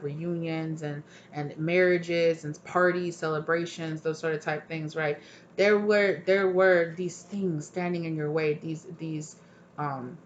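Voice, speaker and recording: A woman's voice: on the low side, muffled recording, slight background noise. A tired woman giving a casual, chatty tarot reading, often checking in with "right?". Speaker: tarot reader.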